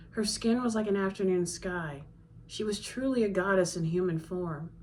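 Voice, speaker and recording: In a fairly low voice, a woman reads her own novel aloud, audiobook-style. Her first-person narration is conversational and steady, with a faint background hiss.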